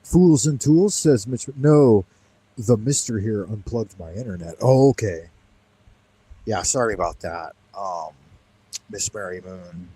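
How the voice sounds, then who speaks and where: A man's voice: on the low side, lively intonation, unhurried, warm tone, slightly rough, no echo, low-quality recording. A man hosting a casual livestream from home, rambling playfully and answering chat commenters. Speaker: livestream host. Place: home, Beijing.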